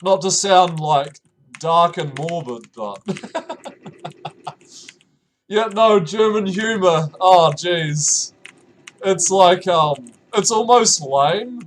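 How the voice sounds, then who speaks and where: Speaking extremely slowly with long pauses, a young man with a New Zealand accent reads out messages during a casual live stream. Slight background noise is audible, and he laughs often, trips into restarts, and lets out sudden high-pitched exclamations.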